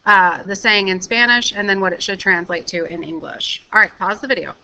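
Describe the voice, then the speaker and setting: Female teacher, bright tone, mid pitch, recorded video lesson with step-by-step explanations. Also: brisk, rough recording. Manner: clear step-by-step instruction, frequent "okay?" checks. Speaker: Spanish teacher.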